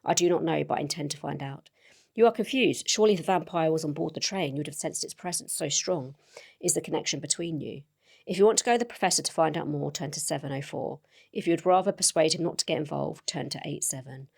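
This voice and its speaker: A woman playing through a gamebook, reading it aloud briskly and steadily with casual asides between choices. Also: sits low, gravelly, slightly rough. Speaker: gamebook player. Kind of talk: reading a gamebook aloud with own play comments.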